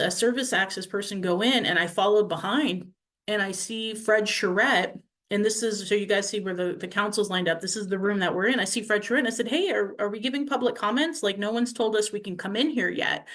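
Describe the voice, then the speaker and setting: A councilwoman recapping events to her viewers, animated, acting out the people she quotes. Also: medium pitch. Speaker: city councilwoman.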